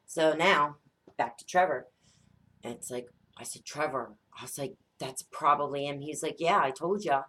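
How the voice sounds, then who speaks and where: A woman in her thirties, a mother telling a spooky family story in a casual, animated way, swearing often and acting out the dialogue. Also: low voice, moderate pace. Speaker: psychic vlogger, mother.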